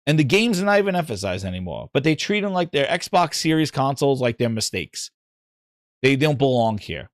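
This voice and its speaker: A man hosting a gaming podcast, ranting in casual chat, animated and exasperated, rambling with frequent restarts. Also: medium pitch, brisk, dry recording, clean studio sound.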